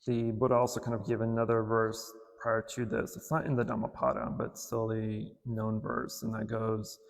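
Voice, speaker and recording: A man giving a casual dharma talk in a temple, retelling a story in a relaxed way with filler words and light chuckles. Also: on the low side, normal speed, vocal fry. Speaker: temple speaker. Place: temple hall. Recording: long hall reverb.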